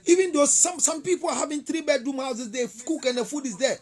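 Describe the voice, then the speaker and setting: A man's voice: very high-pitched, fast, darkish tone, faint music behind. A man with a Ghanaian accent hosting an advice show as a relationship counselor, emphatic and repetitive as he lectures. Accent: Ghanaian English.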